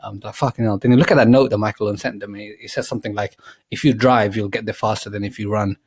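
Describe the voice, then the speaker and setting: A young man on a podcast, telling a rambling comic movie pitch full of swearing and acted-out lines. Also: steady tone, fast, a little mellow, breathy edge, no room sound. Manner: swearing, laughing, acting out quoted lines. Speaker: podcast co-host. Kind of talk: rambling comedic story pitch.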